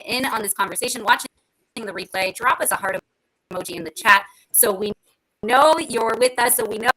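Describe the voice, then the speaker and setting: A woman's voice: on the high side, a little fast, pushed and bright, low-quality recording. A woman hosting a casual panel talk, upbeat and encouraging, her voice coming through a garbled, robotic-sounding mic. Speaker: host.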